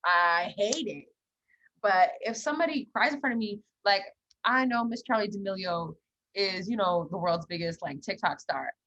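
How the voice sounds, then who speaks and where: A woman's voice: mid-range voice, moderate pace, muffled recording. A young woman chatting casually on a podcast, telling blunt stories and acting out the quotes. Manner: blunt, animated storytelling with acted-out quotes. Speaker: podcast co-host. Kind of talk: casual chat.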